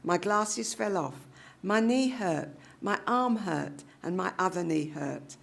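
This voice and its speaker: A woman reading a children's short story aloud at a public reading, in an animated, expressive style with voiced characters. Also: fairly low pitch, takes it slowly, gravelly. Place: live literary reading event.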